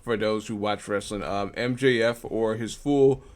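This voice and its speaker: A Missouri man co-hosts a podcast, explaining pro wrestling in a loose, rambling way packed with likes and ums. His voice is lowish, steady and a little mellow, delivered at a measured pace.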